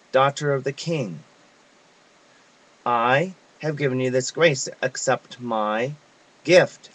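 A man's voice: mid-range voice, low-quality recording. Man reading a devotional text reverently. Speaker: reader of devotional messages.

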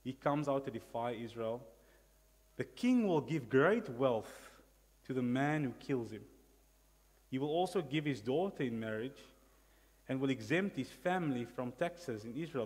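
A man with a South African accent preaching an animated sermon in church, calling out hallelujah and amen. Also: mid-range voice, normal speed. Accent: South African English. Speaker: pastor. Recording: long reverb of a church hall.

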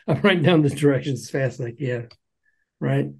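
An older man, a former record promoter, telling animated anecdotes in a podcast interview and acting out the quotes. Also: mid-range voice, a little fast, husky, poor audio.

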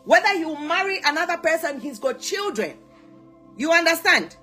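Zambian influencer, female, fiery scolding rant, high and animated delivery, mixes English with local words. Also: normal speed, soft background music. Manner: scolding, switches between English and local words, mocking repeats. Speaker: social media influencer. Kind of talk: heated vlog rant.

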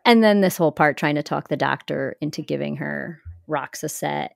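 A woman's voice: low-pitched, moderate pace, vocal fry, no room sound, clean studio sound. A middle-aged woman co-hosting a podcast, chatting and recapping a TV episode, laughing often and acting out voices when she quotes people. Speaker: podcast co-host. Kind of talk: casual chat recapping a TV episode.

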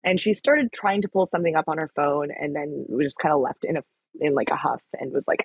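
Fast-talking husky young woman guest. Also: low-pitched, dry recording. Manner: chatty, many "like" fillers, acts out quoted lines. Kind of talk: casual interview storytelling.

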